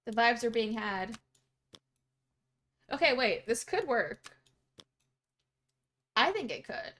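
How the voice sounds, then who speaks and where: Bubbly high-voiced woman streamer. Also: sing-song, slow, fairly bright tone. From Canada. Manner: bubbly, giggly, chatty, reads chat aloud. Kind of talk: casual live-stream chat.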